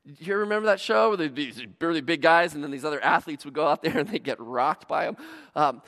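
A man preaching a sermon as pastor, telling stories with dramatic swings from hushed to shouting. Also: fairly high pitch, fairly quick. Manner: animated storytelling, dramatic swings from quiet to shouting. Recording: long reverb of a large hall.

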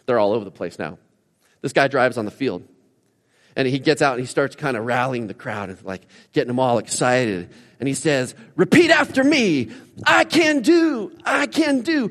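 A man preaching a sermon, telling stories with animated swings from quiet talk to shouting. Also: mid-range voice, in a large hall. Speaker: pastor.

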